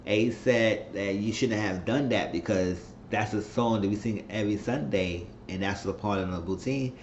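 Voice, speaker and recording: A man's voice: on the low side, normal speed, slight background noise. A man giving a casual TV episode recap, retelling scenes and acting out the characters' lines. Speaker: TV show recap vlogger. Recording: echoey room, dull lo-fi sound.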